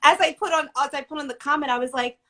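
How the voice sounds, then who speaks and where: A woman's voice: high-pitched, fast talker, a bit bright. Chatty woman livestream host in her forties. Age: 40s. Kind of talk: casual livestream chat.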